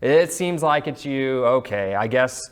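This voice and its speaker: An old blind father, suspicious and unsure of what he senses, mutters his doubts in a soft voice, as a man acts him out. He sounds hushed and musing, and it suits a Bible story told in a lesson. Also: mid-range voice, animated, unhurried, clean tone, natural voice. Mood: doubtful.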